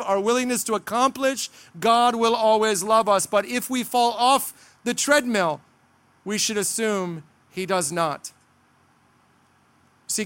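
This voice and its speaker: A man's voice: high voice, fairly bright tone, clear, resonant tone, no echo. A man preaching a sermon, earnest and emphatic, acting out short dramatic asides in other voices. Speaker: pastor.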